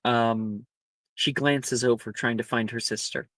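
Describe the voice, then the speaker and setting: Slow, measured man narrating a game. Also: mid-range voice, fairly even intonation, fairly bright tone, dry recording. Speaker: game master.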